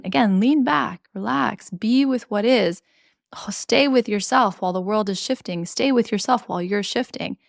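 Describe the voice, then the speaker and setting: A woman with a gravelly edge to her voice hosts a spiritual tarot podcast. She talks in an earnest, chatty monologue with slangy asides. The sound is close and dry. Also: medium pitch, dry recording. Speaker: podcast host reading tarot.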